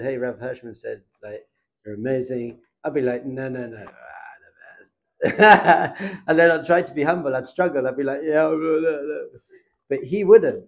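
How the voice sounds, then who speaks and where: A middle-aged rabbi teaches a casual class, talking with lively energy and often turning to his listeners with questions. His voice sits at an ordinary male pitch, neither high nor low. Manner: animated, conversational, asks the class questions. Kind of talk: informal Torah class lecture.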